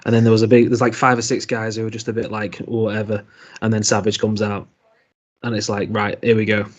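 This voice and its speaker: A man's voice: on the low side, little pitch movement, fast. Chatty man, plain mid voice. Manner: chatty, laughs often, swears. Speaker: podcast co-host. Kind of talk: casual chat.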